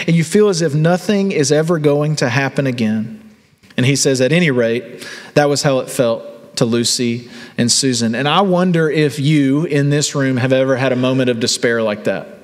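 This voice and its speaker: A man in his thirties preaching a sermon as a pastor, telling a story and acting out the voices in it. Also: fairly high pitch. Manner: storytelling, acts out quoted voices. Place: church hall. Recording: long reverb of a large hall.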